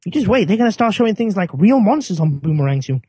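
A man co-hosting a podcast in a playful, joking way. His voice sits a little high and has a husky grain. The recording is dry and close. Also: sing-song, fast, darkish tone, no echo. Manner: playful, riffs and jokes. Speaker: podcast co-host. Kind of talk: casual chat.

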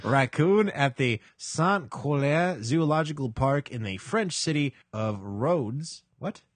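A man's voice: on the high side, expressive, slow, no echo. A man co-hosting a podcast, chatting in a casual, jokey way and reading news headlines aloud. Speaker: podcast co-host. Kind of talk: casual chat.

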